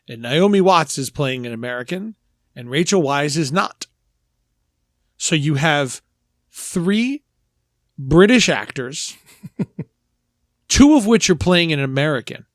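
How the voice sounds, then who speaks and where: Animated man in casual film chat. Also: a little high, dry recording, studio quality. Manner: animated, rambling, emphatic with restarts. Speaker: podcast co-host.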